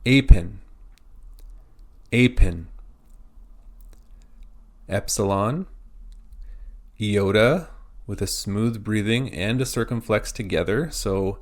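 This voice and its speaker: A man teaching a pronunciation lesson, spelling out words letter by letter in a slow, methodical way. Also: lowish voice.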